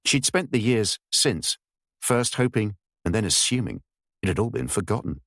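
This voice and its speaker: Deep-voiced male audiobook narrator. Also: big pitch swings, moderate pace, a bit bright, dry recording, studio quality. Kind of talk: scripted narration.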